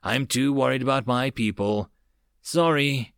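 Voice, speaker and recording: A man voicing a weary, burdened starship captain in an audiobook, in a tired, low-key voice. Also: measured pace, creaky, clear, resonant tone, no room sound, clean studio sound.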